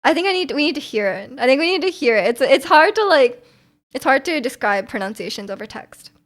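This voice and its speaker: Young woman streamer with a high voice and a slightly sore throat, rambling and chatty with viewers. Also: very animated, fairly quick. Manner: chatty, rambling, frequent ums and restarts. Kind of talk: casual chat reading viewer comments.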